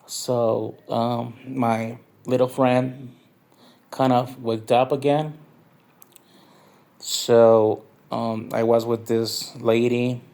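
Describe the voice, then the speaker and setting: A man's voice: mid-range voice, little pitch movement, drawn-out words, creaky, a little mellow. A tipsy man from northern Mexico, rambling through a profane, filler-heavy nightlife story. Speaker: nightlife vlogger. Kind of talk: rambling drunk review monologue.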